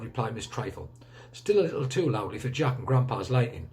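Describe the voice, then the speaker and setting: A male teacher reading a children's book aloud with expressive storytelling. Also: mid-range voice, brisk.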